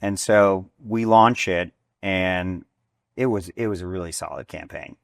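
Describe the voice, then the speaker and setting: A man in his forties, a restaurant executive, telling stories in an interview, animated and acting out dialogue with many restarts. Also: sits low, measured pace, vocal fry, dry recording, clean studio sound. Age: 40s. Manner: animated storyteller, acts out dialogue, frequent restarts. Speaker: restaurant chain executive, guest. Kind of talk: conversational interview storytelling.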